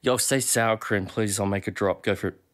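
Eager low-voiced man. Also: fairly even intonation, moderate pace. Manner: eager, curious, affectionate questions. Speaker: guest. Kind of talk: casual live-stream chat.

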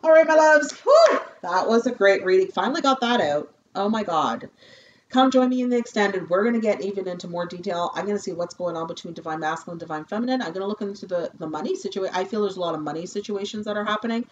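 A woman's voice: mid-range voice, quick pace. A woman giving a spiritual tarot reading, effusive and chatty, calling viewers "my loves" and checking in with "okay?". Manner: effusive, addresses viewers as "you guys" and "my loves", tags lines with "okay?". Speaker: shaman and tarot card reader. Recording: muffled lo-fi recording with faint hiss.

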